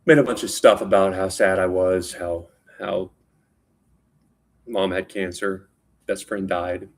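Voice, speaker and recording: Gravelly, husky man telling a story. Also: low voice, steady tone, unhurried. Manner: rambling, with frequent restarts and repeated words. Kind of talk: casual spoken storytelling.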